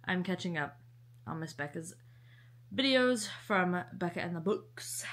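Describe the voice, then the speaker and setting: A woman's voice: lowish voice, unhurried. Chatty young woman book vlogger. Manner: bubbly, chatty, talks sweetly to her dog. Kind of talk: casual vlog chat.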